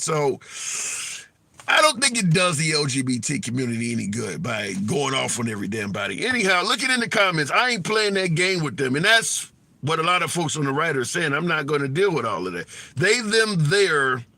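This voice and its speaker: On the high side and sharp in tone, this man's voice comes through with no echo as he hosts a casual livestream. He reads and answers comments, takes callers, and gives his opinions in a blunt, colloquial way, laughing at his own jokes.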